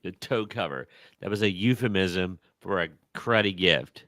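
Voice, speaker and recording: Low, bright-voiced man reading out old terms. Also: moderate pace, no echo. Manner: playful, punning, reads out old terms and definitions. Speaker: podcast co-host presenting the topic. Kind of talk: casual chat.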